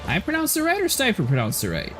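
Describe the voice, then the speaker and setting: A man's voice: extremely high pitch, wildly swooping pitch, quick pace, over music. A man live-streaming a game, chatting and joking with his viewers and a co-player. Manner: chatty, jokey, talks to chat and co-players, laughs often. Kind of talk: live gameplay stream chat.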